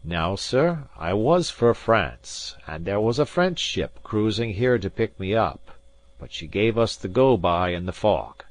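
A man reading as a bold Jacobite gentleman. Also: deep voice, no echo. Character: proud, fiery Scottish Jacobite gentleman, bold.

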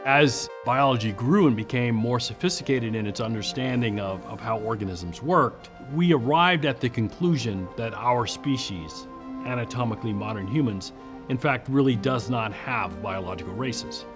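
A man's voice: medium pitch, moderate pace. Precise academic man over music. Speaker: interviewed expert. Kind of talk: documentary interview.

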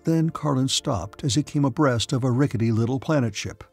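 A man narrating a science fiction audiobook in a steady, measured way. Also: medium pitch, husky, faint music behind. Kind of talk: scripted narration.

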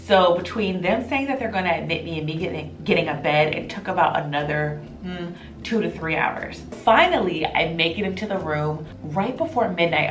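A woman vlogger telling her own birth story to camera in an emotional, animated way, often quoting what people said. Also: deep voice. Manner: emotional, animated retelling with quoted voices. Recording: echoey room with faint music.

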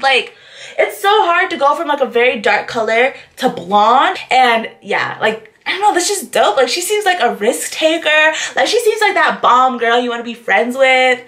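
A woman's voice: sits high, sing-song, normal speed, a bit bright. A young adult woman hosting a reaction vlog, bubbly and slangy, with "like" in nearly every sentence. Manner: bubbly, slangy, says "like" constantly. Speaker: YouTube reactor. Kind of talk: excited reaction vlog chat.

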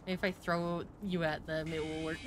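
A young woman streamer commenting on a horror game, excitable and swearing, laughing and yelping when scared. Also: fairly low pitch, measured pace, a little hiss or hum. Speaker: gaming streamer. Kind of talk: let's-play commentary.

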